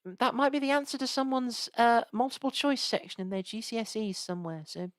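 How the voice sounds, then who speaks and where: Live-streaming old games, a woman rambles in a fairly high, brisk voice, and the recording has no room sound. Her casual chatter keeps restarting and drifting into asides.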